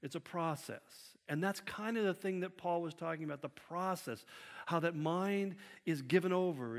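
A man preaching a sermon, with an animated delivery that acts out quotes by shifting his pitch and loudness. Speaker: pastor. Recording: long hall reverb.

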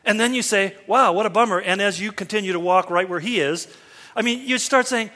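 A man's voice: high voice, a little fast, sharp tone. A middle-aged man preaching a sermon, telling folksy, self-deprecating stories. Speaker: pastor. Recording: long hall reverb.

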